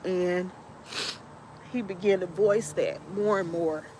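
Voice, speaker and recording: A tearful woman shares a personal story on her podcast, speaking very slowly and haltingly with heartfelt emotion. Her words come out in broken pieces, and steady background noise sits under her voice. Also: lowish voice. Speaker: podcast host.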